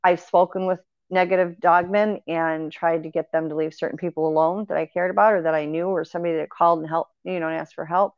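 A woman's voice: on the low side, steady tone, fast talker, hardly any pauses, smooth, dry recording. A woman telling her paranormal experiences in an earnest, rambling way, with fillers and restarts. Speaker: guest sharing paranormal experiences. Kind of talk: casual conversational storytelling. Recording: dry, dull lo-fi audio.

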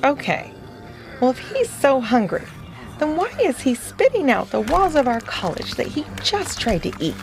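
A woman's voice: high-pitched, very animated, moderate pace, vocal fry, faint music behind, voice pushed up, exaggerated voice. A woman voicing a small but very brave little dog with a feisty, demanding way of talking. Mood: indignant.

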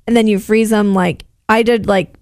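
A woman's voice: mid-range voice, fairly even intonation, moderate pace, a little mellow, dry recording, studio quality. A woman co-hosting a casual podcast chat, talking in a chatty way with lots of "like" fillers. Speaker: podcast co-host.

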